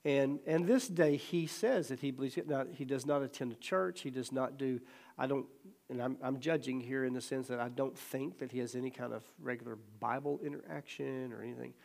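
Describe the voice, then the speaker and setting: A man's voice: medium pitch, a little fast, creaky. A man pastor leading a Bible study, telling stories with acted-out quotes and frequent laughter. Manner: lively storyteller who laughs often and acts out quotes.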